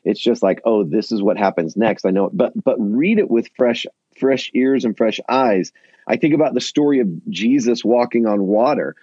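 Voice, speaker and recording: Husky male pastor with animated storytelling. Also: mid-range voice, moderate pace, no room sound. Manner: animated storyteller who acts out quotes. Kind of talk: casual panel chat. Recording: husky, dull, dry sound.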